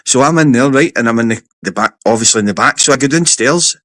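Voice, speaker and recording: Sweary, animated Scottish man on a stream. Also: medium pitch, quick pace, no echo. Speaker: livestream host. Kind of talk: casual stream chat.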